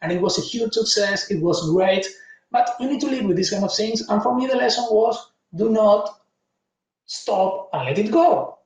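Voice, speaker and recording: A man's voice: sits high, expressive, moderate pace. A man in his forties from Latin America, giving an earnest conference talk full of personal stories. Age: 40s. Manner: earnest, anecdotal, non-native phrasing. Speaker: conference speaker. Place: conference room. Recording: echoey room, distant mic.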